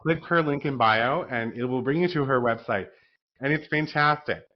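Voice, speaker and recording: A man's voice: medium pitch, normal speed, muffled recording, a little hiss or hum. Effusive podcast host man. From East Coast of North America. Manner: effusive, enthusiastic praise. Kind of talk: casual interview chat.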